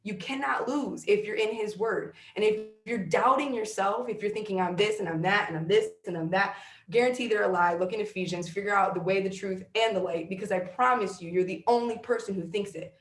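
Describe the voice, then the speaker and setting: A woman's voice: medium pitch, fairly quick. Emphatic preachy woman, echoey room. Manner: emphatic, preachy, repeats key phrases. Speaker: guest, sales team leader. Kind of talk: motivational interview talk. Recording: roomy echo.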